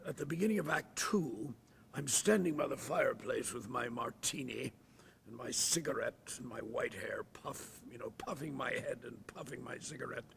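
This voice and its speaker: A man in his sixties, an actor telling stories in an interview, animated and dropping to hushed asides. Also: medium pitch, creaky, slight background noise. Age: 60s. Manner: animated, drops to hushed asides, acts out voices. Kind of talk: anecdotal storytelling. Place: theatre.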